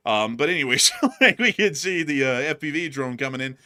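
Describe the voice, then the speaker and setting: A man's voice: fairly high pitch, animated, fairly quick, sharp tone. A man hosting a war news show, giving casual commentary and joking as he addresses his viewers as folks.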